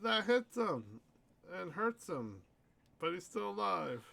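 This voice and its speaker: A man's voice: sits high, sing-song, slow pace, creaky, bright, forceful tone. A tipsy man running a casual tabletop game as game master, joking and laughing often. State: tipsy from drinking.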